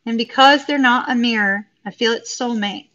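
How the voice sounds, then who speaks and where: A woman with a fairly high, bright, forceful voice gives a live tarot reading to viewers at a normal speed. She's effusive and upbeat, chatting and laughing often, and the recording has a dull lo-fi quality.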